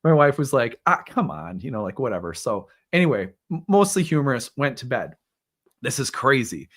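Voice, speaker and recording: Man, thirties, astrology host, casual storytelling, candid, self-deprecating, laughs a lot, mid-pitched voice. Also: sing-song, fairly quick.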